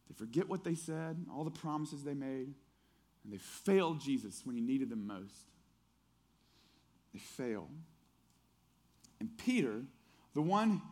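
A man preaching a sermon, moving between a hushed, quiet prayer and animated, conversational storytelling with fillers. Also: on the high side. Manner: conversational, with fillers and acted quotes. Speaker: pastor.

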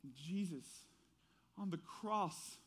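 A man preaching a sermon, swinging from hushed, intimate lines to loud, urgent ones. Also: high-pitched, animated, slow pace, breathy edge. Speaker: pastor.

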